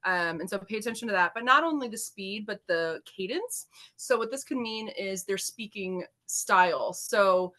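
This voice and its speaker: A woman's voice: mid-range voice, moderate pace, sharp tone. A woman co-hosting a podcast, explaining voice and accent basics in casual chat, laughing often and slipping into demo voices. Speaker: podcast co-host.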